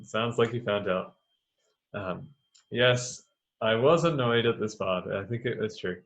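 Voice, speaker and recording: A man's voice: on the low side, a little slow, creaky, a bit bright. A man voicing a nervous, resentful rival bard who stammers, hesitates and justifies himself. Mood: confessing. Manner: hesitant, flustered and self-justifying. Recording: dull lo-fi sound.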